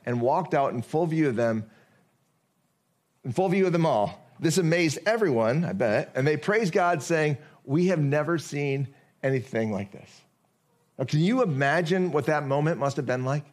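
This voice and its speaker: A man preaching a sermon as pastor, conversational and full of rhetorical questions, reading scripture slowly and deliberately. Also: on the high side.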